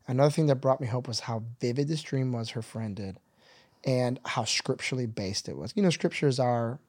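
A middle-aged man talks in an earnest, conversational storytelling voice at a middle pitch. He rises now and then into excited, laughing bursts. The sound is close and dry, with no room around it. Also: brisk, dry recording. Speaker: guest.

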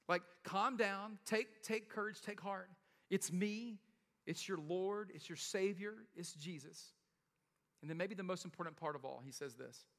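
A man gives a sermon like he's telling stories to friends, laughing and asking "right?" as he goes. His voice sits high and sounds bright. A long reverb trails after him, as in a large hall. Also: normal speed. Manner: casual, joking storyteller with frequent laughs and "right?". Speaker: pastor.

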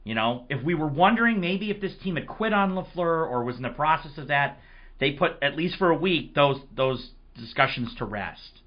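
A man hosting a casual sports podcast, his voice hoarse, telling rambling, excitable stories. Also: on the high side, moderate pace, muffled recording. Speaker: podcast host.

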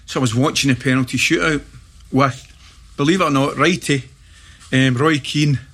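A middle-aged Scottish man chats about his football days with a bright, forward voice. He tells his stories with animated energy and keeps tossing in little check-ins to his listeners. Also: mid-range voice. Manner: animated anecdotes, quick asides like "right?". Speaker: former footballer and pundit guest. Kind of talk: casual storytelling chat.

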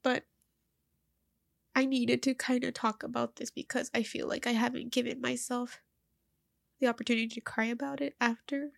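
A young woman talks haltingly through tears in a personal vlog, her voice stuffy and slightly high. A gravelly creak runs through her speech, which often stalls and repeats words. The recording is dry and close. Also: flat delivery, no echo. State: crying, stuffy-nosed.

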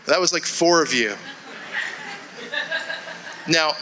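A man's voice: fairly high pitch, animated, normal speed, long pauses, bright, forceful tone, a little hiss or hum, low-quality recording. A male pastor preaching a sermon to a congregation, talking conversationally, restarting phrases and acting out quoted inner voices. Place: church with a congregation.

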